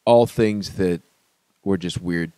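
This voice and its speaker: A man's voice: low voice, slow, dark tone, clean tone, dry recording. A man guesting on a podcast, chatting casually, joking and laughing often. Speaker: musician guest.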